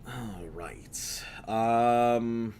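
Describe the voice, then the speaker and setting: A streamer from the United States, medium-pitched and a little mellow, talks very slowly while playing a video game. His commentary is loose and rambling as he chats with viewers and laughs at his own jokes, over slight background noise.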